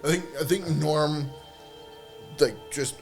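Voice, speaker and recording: Slightly high-voiced male tabletop player. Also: slow pace, creaky, soft background music. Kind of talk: casual tabletop play.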